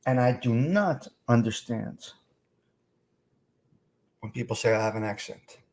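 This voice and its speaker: A man's voice: medium pitch, unhurried. A middle-aged man hosting a casual live stream, talking bluntly and straight to his chat. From North Jersey. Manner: animated, blunt, streetwise, talks straight to chat.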